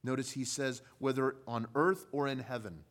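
A man preaching a sermon, measured and deliberate, building from quiet, low passages to loud, emphatic ones. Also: fairly even intonation.

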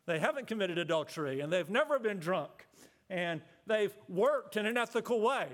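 A man pastor giving an earnest, measured sermon, repeating key phrases and slowing down for emphasis. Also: high voice, lively intonation, a bit bright. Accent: Southern US.

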